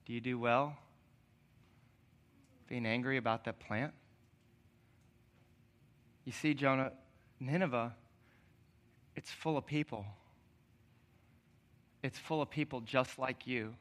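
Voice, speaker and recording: A man preaching a sermon, voicing God in a hushed, gentle, pleading way. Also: mid-range voice, slow, pauses often, pitched below the performer's own voice. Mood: tender pleading. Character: God, a tender, pleading divine male voice.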